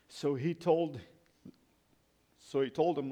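A man's voice: mid-range voice, measured pace, darkish tone. A man preaching a sermon and reading scripture aloud, reflecting on the passages.

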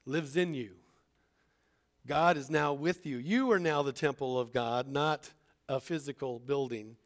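A man's voice: mid-range voice, unhurried. A man teaching a Bible lesson in an informal sermon style, talking conversationally and acting out the people he quotes. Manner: conversational, acts out quoted voices.

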